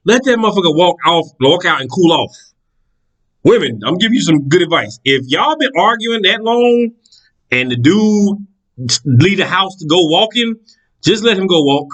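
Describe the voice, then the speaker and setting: Animated profane storyteller man. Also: high-pitched, moderate pace, rough recording. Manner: animated, profane, acts out the people in his stories. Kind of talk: casual storytelling monologue.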